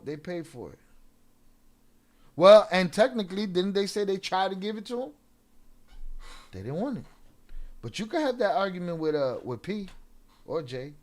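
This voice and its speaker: A man's voice: a little high, a little mellow. A young adult man hosting a livestream, ranting profanely at commenters and mixing in Spanish slang. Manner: profane, confrontational, talking back to chat. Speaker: livestream host. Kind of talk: casual livestream rant.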